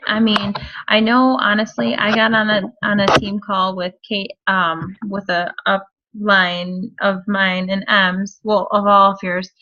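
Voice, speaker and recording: A woman's voice: medium pitch, fairly bright tone. Woman, team co-leader, frank, chatty, lo-fi dull audio. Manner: frank, chatty, many fillers. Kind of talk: casual team call briefing.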